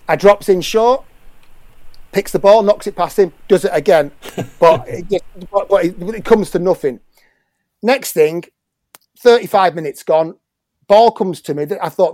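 A man's voice: high-pitched, lively intonation, moderate pace, a little mellow, no echo. A middle-aged English man telling a football story in casual chat, swearing often and stumbling over his words. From England. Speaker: guest, former footballer and musician.

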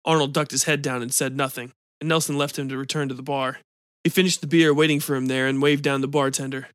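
A man hosting a podcast and reading a short story in an even, measured way. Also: mid-range voice, smooth, dry recording, clean studio sound. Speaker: podcast host and narrator. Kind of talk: scripted story narration.

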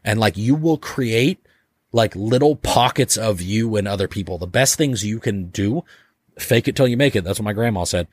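A man speaking as a podcast guest in a slightly low voice, rambling through loose casual talk full of "like" and offhand swearing. He slips into little acted-out exchanges as he goes. The recording is dry and close, with no room sound. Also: moderate pace, breathy edge, no room sound. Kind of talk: casual conversation.

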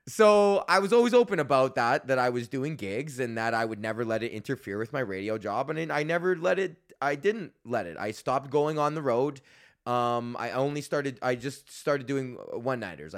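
A comedian and podcast host rants through a story with a steady mid-range voice, swearing freely as he goes. He is loose and animated, and he slips into other people's voices to act out his anecdotes. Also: medium pitch, moderate pace. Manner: animated, profane, acts out voices in his stories. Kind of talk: casual storytelling rant.

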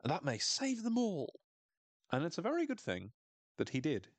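A man hosting a podcast, recapping a TV episode in casual, animated talk, swearing and laughing often. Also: on the high side, moderate pace, no echo. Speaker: podcast host.

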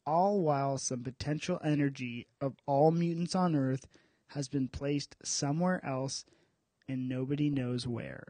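A man's voice: mid-range voice, unhurried, mellow, no room sound. Man hosting a comic recap podcast, dry sound. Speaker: podcast host. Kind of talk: comic book recap then casual banter.

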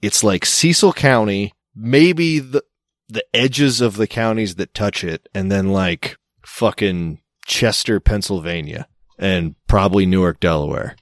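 A man's voice: lowish voice, a little slow, dry recording, studio quality. A man co-hosting a podcast, telling stories in a laid-back, teasing way. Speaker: podcast co-host. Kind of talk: casual chat.

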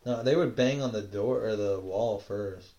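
A young man co-hosting a comedy podcast, loud and jokey, jumping into high excited yelps and laughter. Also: moderate pace, muffled recording. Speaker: podcast co-host. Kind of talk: casual comedic banter.

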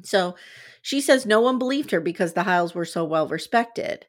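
A woman's voice: fairly low pitch, animated, moderate pace. Earnest woman recapping a documentary. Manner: earnest storytelling, recounting events step by step. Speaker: podcast co-host. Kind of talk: casual recap chat.

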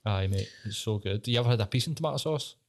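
A man's voice: lowish voice, animated, quick pace. A Scottish man hosting a podcast, all casual chat. He swears freely, riffs and banters, and breaks into laughter often. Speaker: podcast host.

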